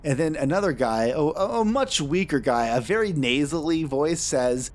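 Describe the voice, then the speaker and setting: A man's voice: on the high side, lively intonation, normal speed, few pauses. A man running a tabletop game as game master, narrating scenes with dry, wry asides.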